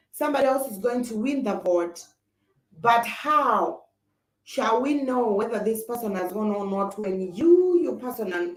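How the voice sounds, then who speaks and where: A young woman with a high voice hosts a livestream, pressing her points with emphatic, repeated phrases and answering viewer comments. She sits well back from the mic in an echoey room. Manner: emphatic, repetitive rhetorical phrasing. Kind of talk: impassioned opinion talk. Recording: roomy, distant mic.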